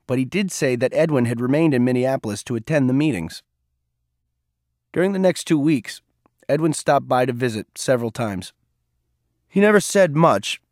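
Here a male audiobook narrator delivers scripted narration from a novel, keeping his storytelling steady and measured. His pitch is medium, the recording has no room sound, and the quality is studio grade.

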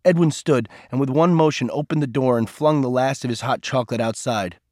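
A man narrating a novel as an audiobook, measured and even in his telling. His voice sits at a middle pitch and is recorded dry and close, with no room sound. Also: no room sound.

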